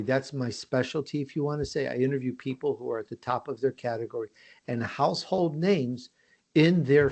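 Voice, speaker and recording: A man's voice: medium pitch, a little mellow. An American man talking casually as a podcast guest. He promotes his own work in a chatty way, with frequent restarts and fillers. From United States. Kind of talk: casual interview talk.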